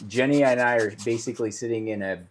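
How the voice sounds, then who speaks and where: A man's voice: mid-range voice, fast, a little hiss or hum. A man teaching a live painting lesson, explaining steps and joking playfully with his co-host. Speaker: painting instructor.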